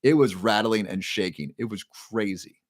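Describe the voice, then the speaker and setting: A man's voice: lowish voice, moderate pace, no echo, studio quality. A man hosting a casual livestream, telling a story in a chatty way and repeating key phrases. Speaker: livestream host.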